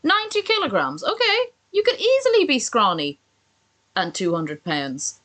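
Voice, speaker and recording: A woman's voice: a little high, huge pitch swings, normal speed, fairly bright tone, poor audio. A woman streamer reacting live to a video, sarcastic and swearing constantly in casual commentary.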